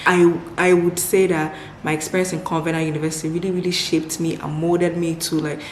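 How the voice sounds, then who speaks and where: Low-voiced upbeat young woman vlogger. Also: level tone, a little fast, hardly any pauses, background noise. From Nigeria. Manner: upbeat, repeats words for emphasis, laughs often. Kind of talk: casual Q&A chat to camera. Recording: echoey room with faint ambience.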